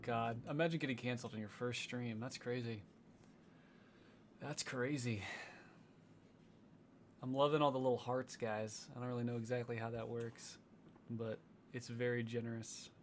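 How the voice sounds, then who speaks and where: A man's voice: medium pitch, steady tone, moderate pace, long pauses, slight background noise. A young man chatting casually on a livestream as a music streamer, sardonic and rambling, swearing freely.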